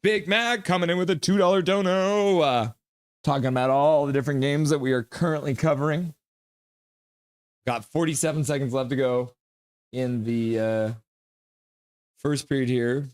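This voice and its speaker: A man hosting a live hockey reaction stream, reading chat messages aloud, joking and reacting loudly to goals. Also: fairly high pitch, normal speed, pauses often, clean tone, no echo. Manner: excitable, reads chat aloud and jokes.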